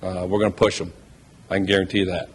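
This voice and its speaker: A man with a fairly low voice speaks at a press conference as a newly hired head coach. He sounds heartfelt and emotional and keeps thanking people. Faint background noise sits under the recording. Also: level tone, fast.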